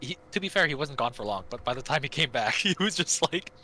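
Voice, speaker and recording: Animated bright-voiced man telling stories. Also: medium pitch, quick pace, slight background noise. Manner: animated, swears a lot, acts out quotes. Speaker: gaming friend on stream. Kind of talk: casual storytelling chat.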